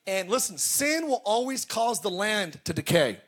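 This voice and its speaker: A male pastor preaching a sermon at a church service, telling stories and breaking into shouted exclamations. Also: sits high, very animated, normal speed. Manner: storytelling, bursts into shouted exclamations.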